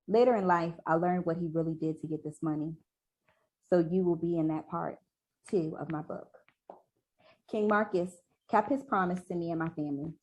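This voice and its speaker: A woman's voice: on the low side, steady tone, moderate pace, darkish tone. A woman author reading from her memoir and answering interview questions in an earnest storytelling way. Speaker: author and podcast owner.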